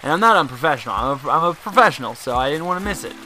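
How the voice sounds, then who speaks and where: A young man giving chatty let's play commentary as the host of a gaming video, rambling along and bursting into excited shouts, with game music behind him. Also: on the high side, rapid-fire.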